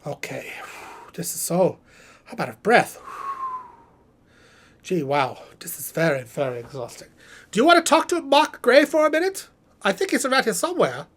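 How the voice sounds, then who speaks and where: A man's voice: sits high, normal speed, pauses often, exaggerated voice. A man voicing a theatrical, self-important male puppet professor hosting a live stream Q&A, rambling and breathless. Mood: weary. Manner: animated, theatrical, rambling asides. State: out of breath, exhausted. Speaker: puppet host.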